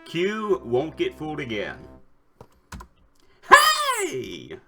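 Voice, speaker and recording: A man's voice: fairly high pitch, big pitch swings, a little slow, sharp tone, soft background music. A man streaming a retro game, casually commenting, joking, and reading the game's text aloud. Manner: playful, joking asides, typing commands aloud.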